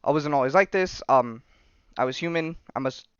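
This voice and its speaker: A man voicing a brooding male vampire scientist, reading his lines aloud in an earnest, halting way with a slightly muffled sound. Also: fairly high pitch, fairly bright tone, clean tone, no room sound, voice pushed up, lightly acted. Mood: pleading. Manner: earnest, halting dramatic read-through.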